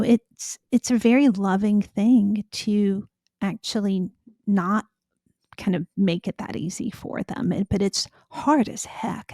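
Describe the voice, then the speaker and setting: A woman guest with a soothing voice carrying a gravelly fry, who talks reflectively and hedges with fillers. Her sound is dry and close to the mic. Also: medium pitch, dark tone, no echo. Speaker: physician and author guest. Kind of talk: conversational interview.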